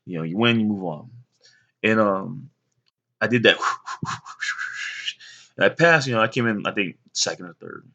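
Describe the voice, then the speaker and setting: A young man casually telling rambling stories to his sons, with many fillers and lively bursts when he quotes others. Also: fairly low pitch, unhurried, long pauses, dull audio. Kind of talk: casual storytelling to camera.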